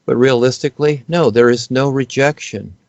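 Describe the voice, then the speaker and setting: Male guest speaker, low gravelly voice, unscripted and rambling, dull lo-fi recording. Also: normal speed, a little mellow, no echo. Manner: rambling, many fillers and restarts. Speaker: guest speaker on spiritual topics. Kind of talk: unscripted spiritual explanation.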